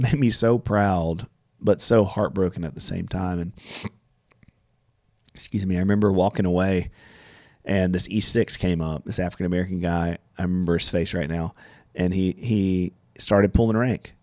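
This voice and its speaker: A man's voice: low voice, warm tone, no room sound. A man tells his own story in an earnest, reflective monologue. He often stumbles and restarts his words as he goes. The sound is dry and close, with no room in it. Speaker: podcast guest telling his story.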